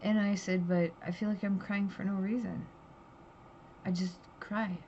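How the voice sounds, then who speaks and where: A woman's voice: mid-range voice, level tone, unhurried, a little mellow. Tired, drowsy woman in a candid personal vlog, raw and rambling, dull lo-fi recording. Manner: raw, rambling, emotional storytelling. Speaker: vlogger. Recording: dull lo-fi audio with faint background hiss.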